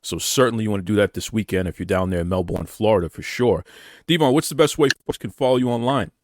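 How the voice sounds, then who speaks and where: A man's voice: fairly low pitch, fast talker, no echo, clean studio sound. A man hosting a podcast interview, upbeat and encouraging as he promotes his guest. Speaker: podcast host.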